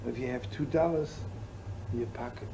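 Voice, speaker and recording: A man's voice: mid-range voice, moderate pace, vocal fry. A man, a rabbi, telling stories in a live sermon, rambling and playful with asides, laughter and Yiddish words. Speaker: rabbi and storyteller. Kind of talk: storytelling sermon to a live audience. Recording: old live recording with loud hiss.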